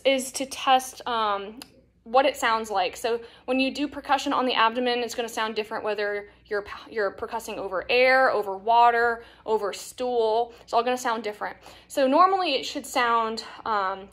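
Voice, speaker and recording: A young nursing instructor with a slightly high, somewhat bright voice teaches an assessment by demonstrating on a partner. Her demonstration lesson is casual and explanatory, packed with fillers and quick restarts.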